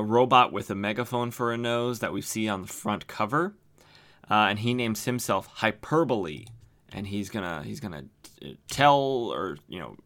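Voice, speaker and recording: A man's voice: mid-range voice, fairly bright tone. A man hosting a podcast who recaps old comic books casually, rambling with lots of fillers. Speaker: podcast host.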